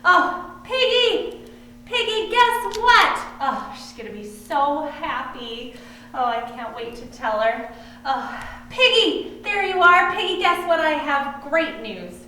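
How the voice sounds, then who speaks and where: A woman's voice: high-pitched, expressive, takes it slowly, a little hiss or hum, full character voice. A woman voicing an anxious, dramatic male elephant in a children's puppet show, speaking earnestly and formally. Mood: relieved. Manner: earnest, overly formal, frets and sneezes loudly. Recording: echoey room, mic at a distance.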